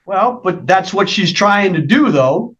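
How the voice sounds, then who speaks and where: A man's voice: high voice, expressive, measured pace, a bit bright, dull audio. A male judge at a hearing, asking firm, probing questions.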